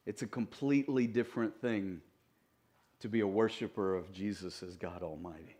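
A pastor preaching a sermon in a church, talking conversationally with joking asides to the congregation. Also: male voice, on the low side, moderate pace, dark tone. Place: church sanctuary.

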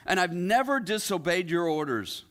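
A man's voice: sits high, lively intonation, normal speed, fairly bright tone. A man voicing a resentful older brother in a parable, his complaint rising in bitter indignation.

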